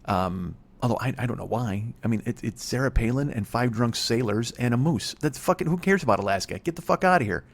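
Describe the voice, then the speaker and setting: A man's voice: medium pitch, lively intonation, a little fast, few pauses. A man in his forties hosting a comedy podcast alone, delivering a rambling, profane monologue that keeps interrupting itself. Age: 40s.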